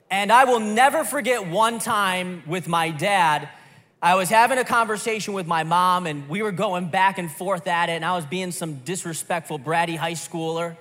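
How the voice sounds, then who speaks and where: High-voiced male preacher telling stories. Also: in a large hall. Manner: storytelling, animated, restarts. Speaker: pastor. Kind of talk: sermon with personal story.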